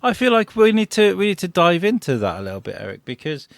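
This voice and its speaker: A man's voice: sits high, sing-song, quick pace, vocal fry, dry recording. A man, a podcast co-host chatting casually, rambling and enthusiastic with lots of fillers. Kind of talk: casual chat.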